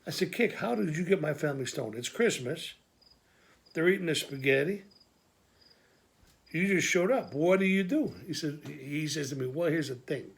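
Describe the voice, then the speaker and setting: A man with a fairly high voice tells an improvised comic monologue as a gruff family man. He talks in a streetwise way, swearing and tossing in quick asides. Crickets and insects chirp faintly behind him. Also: expressive. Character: Pork Chop, a gruff middle-aged family man. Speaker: comedian doing an improvised monologue.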